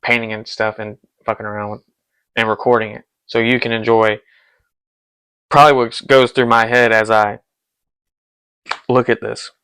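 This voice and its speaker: A man's voice: fairly low pitch, level tone, moderate pace, pauses often, bright, forceful tone, clean tone, dry recording. A young man hosting his painting vlog, chatting loosely and swearing while he paints. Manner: rambling, loose and profane. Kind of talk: casual chat while painting.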